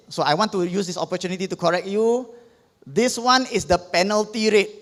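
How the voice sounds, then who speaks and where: A man with a Singaporean English accent giving an economics revision lesson, explaining step by step and checking in with "okay?" after most points. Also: a little high. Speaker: economics tutor. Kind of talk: revision lecture. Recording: long hall reverb.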